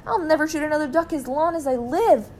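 A woman's voice: sits high, fast, a little mellow, a little hiss or hum, voice pushed up, lightly acted. Woman doing a pleading, raised-voice storybook father. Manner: pleading, eager. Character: frightened pleading middle-aged man, later cheerful.

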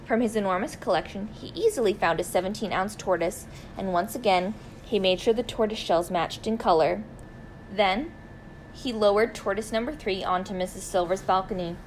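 A woman reading a children's story aloud, expressive and deliberate, slowing down for emphasis. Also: medium pitch, a little hiss or hum, low-quality recording.

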